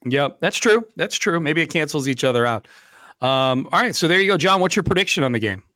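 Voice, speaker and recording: A man's voice: on the high side, animated, brisk, sharp tone, no room sound. Chatty male sports radio host. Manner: conversational, many fillers and restarts. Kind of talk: casual sports talk.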